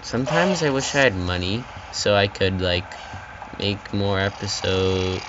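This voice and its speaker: Male let's-player, lowish voice, rambling and panicky, with game audio loud in the mix. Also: measured pace, lo-fi sound. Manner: rambling, yelps and repeats words when panicked. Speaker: gaming channel host. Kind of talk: casual let's-play commentary. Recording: loud game noise behind the voice.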